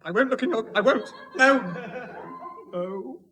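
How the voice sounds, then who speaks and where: An actor playing a timid, flustered customs officer who pleads and wheedles in sketch comedy. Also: male voice, very high voice, a little slow, bright, forceful tone, exaggerated voice. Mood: pleading. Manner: pleading and wheedling, breaks into giggles. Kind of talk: 1960s sketch comedy acting.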